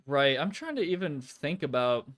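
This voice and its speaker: A man's voice: fairly high pitch, very animated, normal speed, fairly bright tone. A man hosting a casual gaming stream, rambling and swearing a lot with plenty of filler words. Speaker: streamer host.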